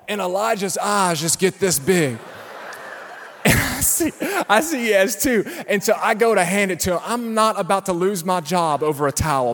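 A male pastor telling a story in a sermon, then rising into loud, shouted preaching in a large church. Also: sits high, expressive, moderate pace. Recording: long hall reverb.

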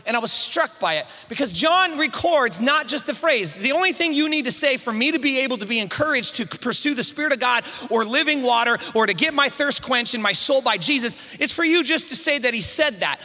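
High bright guy preaching a sermon, echoey big hall, pushes the crowd to repeat after him. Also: brisk, hardly any pauses. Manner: energetic call-and-response preaching, repeated restarts. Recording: reverberant hall sound.

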